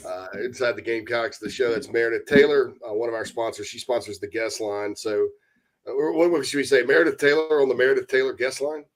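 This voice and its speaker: A man hosting a casual sports talk radio show from the American South, chatty and animated, slipping into mock voices. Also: medium pitch, a little fast. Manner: animated, breaks into loud mock voices and laughter.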